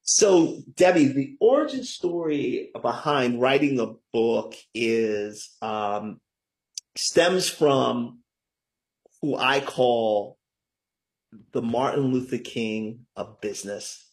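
Slow and expressive, this middle-aged man's medium-pitched voice carries his enthusiasm as a guest author being interviewed. His conversational answers are often capped with "right?"

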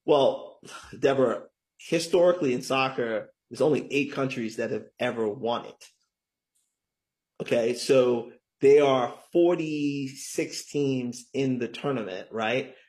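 A man's voice: mid-range voice, unhurried, a little mellow. Chatty middle-aged man, full of "right?". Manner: chatty, lots of "right?" tags, emphatic. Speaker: guest, author. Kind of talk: casual interview talk.

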